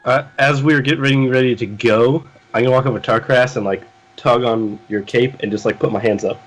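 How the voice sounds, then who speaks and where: A man player at a casual tabletop game who speaks hesitantly and asks lots of questions. His voice is mid-pitched. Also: steady tone, a little fast, soft background music, poor audio.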